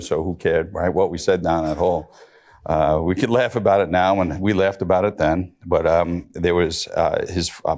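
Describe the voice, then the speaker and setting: A man's voice: low voice, darkish tone. A middle-aged man, a rescue police officer, recounting a rescue on a panel in a matter-of-fact way with dry humor.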